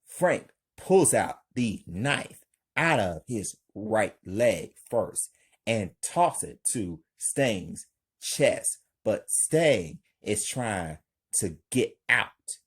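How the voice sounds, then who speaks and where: A man with a husky voice slowly reading his own action script aloud, stage directions included. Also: lowish voice, very animated. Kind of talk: amateur script read-aloud.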